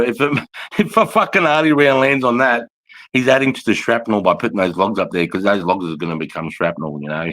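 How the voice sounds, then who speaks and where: A man's voice: low voice, a bit bright, rough recording. A man with an Australian accent hosting a live stream, talking bluntly and rambling with lots of swearing. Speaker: livestream host, veteran. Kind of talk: casual live commentary.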